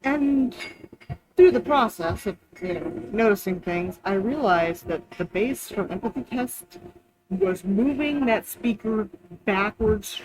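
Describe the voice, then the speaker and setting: A woman's voice: mid-range voice, darkish tone, poor audio. Chatty woman rambling through a travel story. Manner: chatty, profane, lots of fillers. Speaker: travel vlogger.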